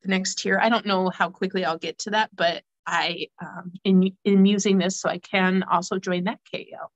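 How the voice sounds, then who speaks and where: Brief: chatty woman with a frog in her throat, dry close sound, mid pitch. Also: steady tone, normal speed, dry recording, dull audio. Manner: chatty, rambling, many fillers. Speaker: guest knitter. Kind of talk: casual knitting podcast chat.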